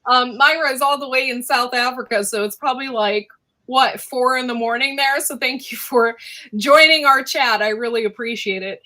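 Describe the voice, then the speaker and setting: A woman's voice: sits high, normal speed, bright, forceful tone, poor audio. A woman hosting a casual live chat, talking chattily and laughing often. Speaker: host.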